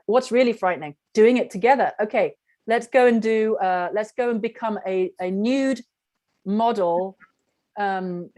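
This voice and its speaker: A woman's voice: medium pitch, a little mellow, dry recording. A middle-aged woman teaching an online class, telling a personal story frankly and rambling, full of "like". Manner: frank, rambling, heavy use of "like". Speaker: spiritual workshop teacher.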